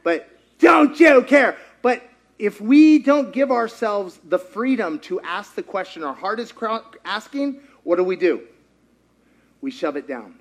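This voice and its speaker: Male pastor, high voice that swings wide, playful, questions the room. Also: unhurried. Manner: animated, quizzes the congregation and acts out quotes. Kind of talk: sermon.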